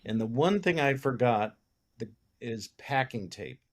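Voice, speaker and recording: A film producer speaks a little slowly, his voice medium in pitch. Chatting casually in an interview, he tells lively anecdotes and voices the lines of the characters in them.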